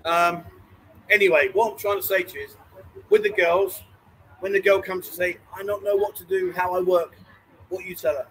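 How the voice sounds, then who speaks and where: A man's voice: sits high, fairly even intonation, normal speed, fairly bright tone, slight background noise, low-quality recording. A man hosting a casual live stream from a bar, chatty and jokey, calling people mate and darling. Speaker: host.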